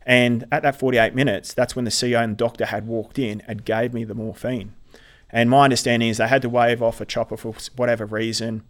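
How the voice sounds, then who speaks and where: A middle-aged man, a military veteran telling his story in an earnest, halting way with many restarts. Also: mid-range voice, flat delivery. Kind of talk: personal storytelling in conversation.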